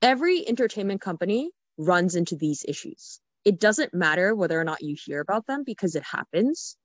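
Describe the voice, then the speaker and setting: A woman co-hosting a casual chat, frank and animated, with many "like" fillers. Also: fairly low pitch, a little fast, no echo. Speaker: podcast co-host.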